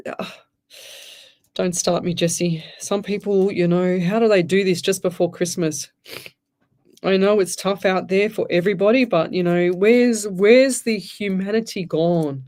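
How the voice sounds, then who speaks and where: A woman's voice: medium pitch, unhurried, a little mellow. A woman hosting a live psychic radio show, chatty and emphatic, rambling with restarts, recorded on a studio microphone. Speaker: psychic medium radio host. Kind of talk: live radio call-in readings.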